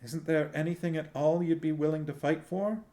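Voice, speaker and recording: A man reading a novel aloud and voicing a small, fiery young princess who speaks in a high, tearful, pleading way. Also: steady tone, normal speed, mellow, natural voice.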